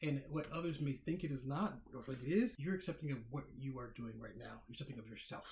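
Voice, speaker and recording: A man's voice: medium pitch, fast, darkish tone, a little hiss or hum. Reflective man in a roomy echo. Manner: reflective, repeats words while thinking. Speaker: podcast co-host. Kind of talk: casual chat.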